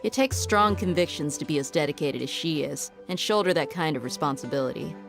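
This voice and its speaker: A tough desert mercenary from a fantasy game speaks in a low, relaxed and self-assured voice. She sounds easygoing and steady, like someone used to fighting for hire. Game music plays behind her. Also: brisk, creaky. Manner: relaxed, confident, laid-back drawl.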